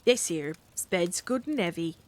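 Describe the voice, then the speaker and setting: A woman's voice: lowish voice, animated, measured pace. A woman reading a story aloud, voicing a stubborn middle-aged policeman who blusters in sarcastic, ungrammatical speech. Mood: stern. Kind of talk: cozy bedtime read-aloud.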